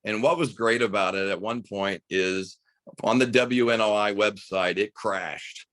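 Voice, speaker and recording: In a podcast interview, a middle-aged American man who coaches high school basketball and works as a radio broadcaster tells a story with enthusiasm. He speaks a little slowly, his tone is fairly bright, and the recording is dry.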